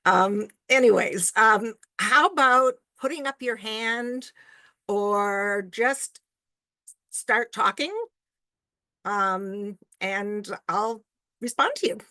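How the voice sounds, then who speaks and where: A woman's voice: mid-range voice, drawn-out words, bright, forceful tone, no room sound. An older woman from Canada, a rabbi answering audience questions over a video call in a reflective, casual way, chuckling often between remarks. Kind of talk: casual Q&A talk.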